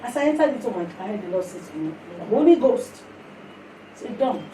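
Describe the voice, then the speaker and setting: A woman preaching, telling a testimony in animated storytelling that slips into pidgin, then leading prayer. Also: mid-range voice, normal speed, a little hiss or hum. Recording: echoey hall from far off.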